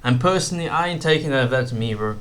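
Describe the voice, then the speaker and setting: A man's voice: mid-range voice, expressive, fast, fairly bright tone. A young man giving casual commentary as a YouTube host, rambling with fillers and slang.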